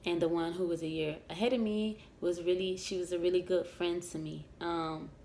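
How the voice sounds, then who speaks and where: A woman's voice: on the low side, fairly even intonation, moderate pace, warm tone, slight background noise. A young woman vlogger telling a story about herself in a casual, rambling way, with frequent restarts and fillers. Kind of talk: story time vlog.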